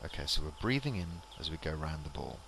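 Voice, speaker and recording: A man leading a qigong exercise class, calmly cueing each movement and breath step by step. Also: very deep voice, fast talker, gravelly, background noise. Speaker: qigong instructor. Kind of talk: guided exercise instruction.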